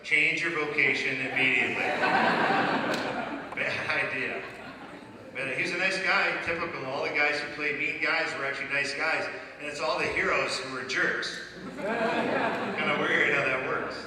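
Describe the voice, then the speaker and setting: A man's voice: fairly high pitch, unhurried, long pauses, noisy background. A man answering audience questions on a convention stage in a sarcastic, teasing stand-up manner. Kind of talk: comic Q&A stand-up. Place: stage in a large convention hall. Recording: echoey hall, distant mic, loud crowd ambience.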